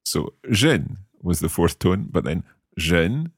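A man, co-hosting a language lesson as the curious learner who asks questions and repeats phrases slowly. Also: deep voice, big pitch swings, breathy edge, no room sound, clean studio sound. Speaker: learner co-host.

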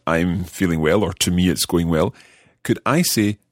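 A man from Scotland with a very low, deep voice works through a language lesson, asking curious follow-up questions. The sound is dry and close, with no room around it. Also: moderate pace, no echo. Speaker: learner co-host.

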